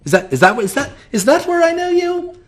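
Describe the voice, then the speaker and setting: A man's voice: very high voice, sing-song, a little fast, pitched above the performer's own voice. A man voicing a flamboyant, fussy male magical figure who gushes and repeats himself in a theatrical way. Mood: gushing.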